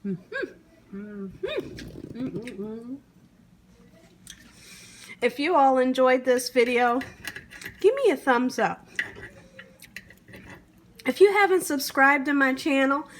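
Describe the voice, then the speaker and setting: A woman hosts her cooking vlog, savoring each bite with drawn-out humming sounds and sometimes slipping into a whisper. Her voice sits a little high, and she speaks very slowly. A faint hiss of noise runs underneath. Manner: slips into an excited whisper. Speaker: cooking channel host. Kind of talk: casual cooking vlog, tasting on camera.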